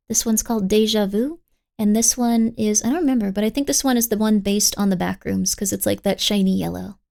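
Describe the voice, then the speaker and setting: A woman's voice: a little high, vocal fry, a little mellow. A woman streamer chatting casually at the end of a live stream, sleepy and tired, rambling and repeating herself with slightly slurred words.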